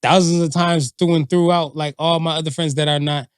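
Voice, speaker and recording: Guy cohosting a podcast, kinda high voice, jumps into squeaky quote voices, dry room. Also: brisk, smooth, dry recording. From Jamaican family background. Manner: animated storyteller, acts out quotes in high voices. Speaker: podcast co-host. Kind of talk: casual chat.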